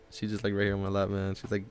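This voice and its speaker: Low, gravelly-voiced male trading streamer. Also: completely flat delivery, brisk, a little mellow. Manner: rambling, thinks aloud, drops "honestly" and "man". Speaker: day-trading live streamer. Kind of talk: casual live-stream commentary. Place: at home at his trading desk with his dog on his lap.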